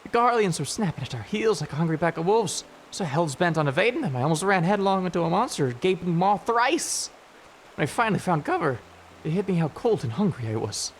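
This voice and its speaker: A man voicing a frightened small male adventurer in a put-on Irish accent, stammering and gravelly as he reads game dialogue. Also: high voice, sing-song, a little fast, a little hiss or hum, pitched above the performer's own voice. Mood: scared. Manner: jittery, breathless pleading. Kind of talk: voice acting a game's dialogue on a live stream.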